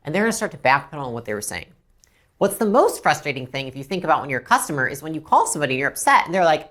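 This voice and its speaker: This is a woman teaching business owners how to handle upset customers. She talks bluntly and with emphasis, her voice fairly low but moving lively up and down. She slips into quick acted dialogues between staff and customers. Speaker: business coach. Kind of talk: instructional talk to camera.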